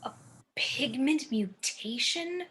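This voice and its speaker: A woman's voice: sits high, expressive, takes it slowly, sharp tone, heavily acted. A woman reading the part of an anxious hypochondriac man, fretful and rambling in an amateur script reading.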